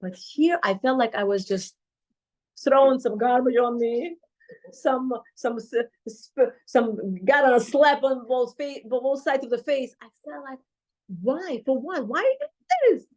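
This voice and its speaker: A woman teaching a Torah class, retelling a story with lively acted-out dialogue. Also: high voice, measured pace. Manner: animated retelling, acting out quoted dialogue.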